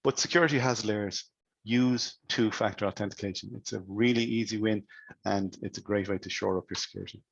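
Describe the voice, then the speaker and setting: A man's voice: on the low side, fairly even intonation, brisk, creaky, breathy edge, no room sound, lo-fi sound. A man presenting cybersecurity advice to business owners, speaking conversationally and asking many rhetorical questions.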